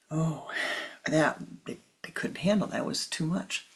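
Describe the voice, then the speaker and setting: A woman spiritual teacher giving a talk in a soft, half-whispered delivery. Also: sits low, a little slow. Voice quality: husky, gravelly.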